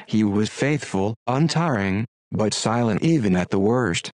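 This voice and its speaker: A man's text-to-speech voice reading a classic story aloud in an even, unhurried way. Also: on the low side, no room sound, rough recording. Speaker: audiobook narrator.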